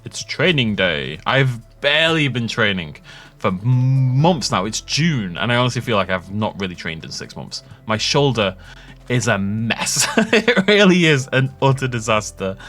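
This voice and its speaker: A man's voice: mid-range voice, sing-song, measured pace, a bit bright, faint music behind. A young man rambling and joking as he plays, self-mocking and chatty. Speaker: gaming YouTuber. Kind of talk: rambling gameplay commentary.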